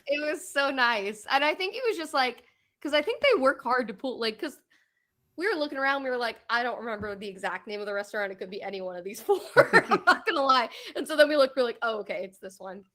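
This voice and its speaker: A woman's voice: on the high side, lively intonation, quick pace, a bit bright. Chatty young woman telling a travel story. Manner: chatty, laughs often, acts out quotes. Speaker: podcast co-host. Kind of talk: casual chat, storytelling about a trip.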